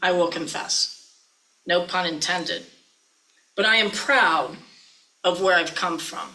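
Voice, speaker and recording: A woman's voice: on the low side, takes it slowly, bright, forceful tone, rough recording. A woman minister giving a chatty, folksy sermon, often teasing her listeners.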